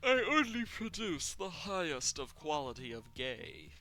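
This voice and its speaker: Male game streamer, playful and rambling, slow pace, faint game music behind. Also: fairly high pitch. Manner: rambling, playful, easily excited. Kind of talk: live game streaming chat.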